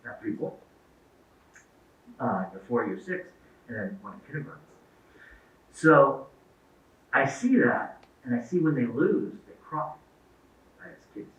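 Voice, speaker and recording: A man's voice: mid-range voice, animated, unhurried, pauses often, fairly bright tone. A middle-aged man giving a talk to parents, telling anecdotes and acting out the dialogue in them. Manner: storytelling, acts out quoted dialogue. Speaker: guest speaker. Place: event hall. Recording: echoey, distant, phone-like lo-fi sound.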